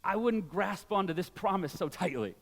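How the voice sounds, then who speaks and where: High-voiced preacher in a reverberant church. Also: male voice, normal speed. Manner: conversational, animated preaching with asides. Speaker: pastor. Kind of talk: sermon. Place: church sanctuary.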